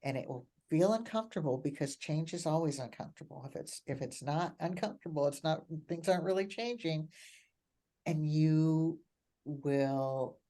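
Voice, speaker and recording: Low-voiced older woman coach, emphatic. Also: moderate pace. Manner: animated, laughing, repeats phrases for emphasis. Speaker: coach and mentor. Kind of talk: reflective conversational talk.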